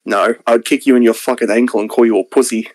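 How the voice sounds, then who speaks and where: A man's voice: medium pitch, fairly even intonation, quick pace, a little mellow, dry recording, low-quality recording. A man bantering on a stream, blunt and crude as he trash-talks his friend.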